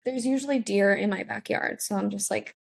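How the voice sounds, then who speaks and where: Gravelly-voiced woman podcast co-host. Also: mid-range voice. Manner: supportive listener, quick affirmations. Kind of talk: casual chat.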